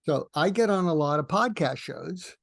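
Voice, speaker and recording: A man's voice: on the high side, lively intonation, normal speed, gravelly. An older man, a retired psychiatrist, telling rambling personal stories as a podcast guest. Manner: rambling, tangential, warm storyteller. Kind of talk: casual storytelling interview.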